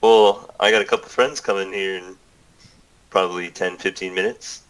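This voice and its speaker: A man voicing a big, bearded, gruff male sailor who rambles and chuckles while scheming. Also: deep voice, fairly even intonation, normal speed, fairly bright tone, poor audio.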